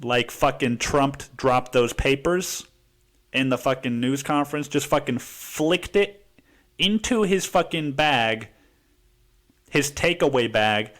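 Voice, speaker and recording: A man's voice: mid-range voice, slow, fairly bright tone. A man hosting a podcast, telling a story in a rambling, profane way and saying "dude" constantly. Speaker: podcast host. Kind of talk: casual storytelling monologue.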